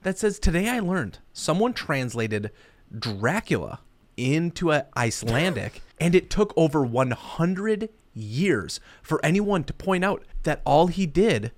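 A man's voice: on the high side, big pitch swings, measured pace, no echo. A young man co-hosting a podcast, chatting casually with crude, joking humor. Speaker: podcast co-host. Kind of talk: casual chat.

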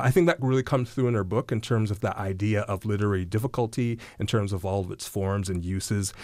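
Low-voiced man discussing books. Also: dry recording. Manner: enthusiastic, explanatory, with fillers. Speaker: books columnist. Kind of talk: radio book discussion.

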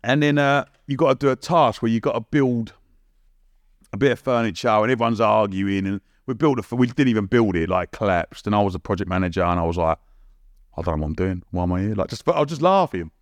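A young man with a London accent, a podcast guest telling a story in a lively, cheeky way, acting out what people said and laughing often. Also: lowish voice, fast talker, no room sound, clean studio sound. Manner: blunt and cheeky, swears casually. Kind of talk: casual storytelling.

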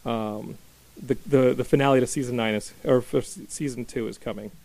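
A man's voice: medium pitch, steady tone, brisk, gravelly, dark tone. A man hosting a casual podcast from a small studio, rambling with frequent ums and restarts. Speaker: podcast host.

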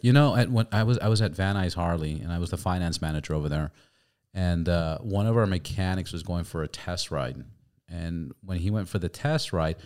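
A man hosting a podcast, chatting casually, swearing freely and telling animated stories. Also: deep voice. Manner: profane, storytelling, animated. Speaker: podcast host. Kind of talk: casual chat.

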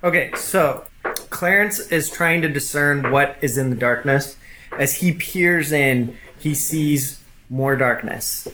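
A game master narrating a casual tabletop session, pausing and restarting often. The voice is bright and clear against a faint hiss of background noise. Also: medium pitch, poor audio. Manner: hesitant, with many fillers and restarts.

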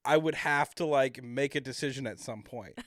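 Man podcast co-host, joking crude banter, mid-pitched voice, dry close sound. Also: normal speed, a bit bright, dry recording. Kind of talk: casual recap chat.

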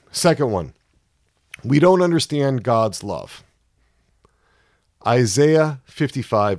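Deep-voiced man teaching a sermon, dry sound. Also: darkish tone, dry recording. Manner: measured reading of scripture. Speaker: Christian teacher. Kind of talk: sermon-style Bible teaching.

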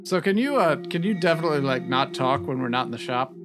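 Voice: medium pitch, lively intonation, fast, music in the background. Dry teasing game player. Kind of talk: tabletop game chat.

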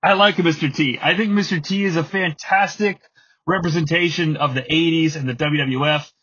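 Husky, chatty man in his thirties. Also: fairly high pitch, fairly even intonation, moderate pace, sharp tone, lo-fi sound. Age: 30s. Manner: chatty, digressive, with fillers. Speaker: podcast host. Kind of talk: casual solo commentary.

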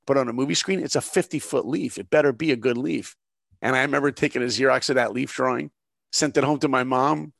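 A man's voice: medium pitch, gravelly, dry recording, clean studio sound. A middle-aged man from New York, a guest in an interview, telling a story and acting out the voices in it. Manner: animated storyteller, acts out dialogue.

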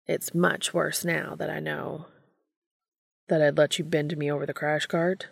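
A woman reading the part of an earnest, serious adult man, speaking slowly and quietly. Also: low-pitched, level tone, gravelly, husky, big-room sound, exaggerated voice.

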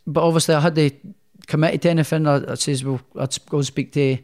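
A man's voice: fairly high pitch, quick pace. A young man, a professional boxer telling stories in a casual interview, with many restarts. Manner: rambling, animated storyteller with many restarts.

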